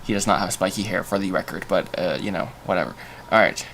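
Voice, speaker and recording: A man's voice: sits low, fast, a bit bright, slight background noise. Rambling young man thinking aloud. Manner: rambling, self-mocking, thinking aloud with many fillers. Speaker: animator and livestream host. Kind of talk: casual livestream chat while storyboarding.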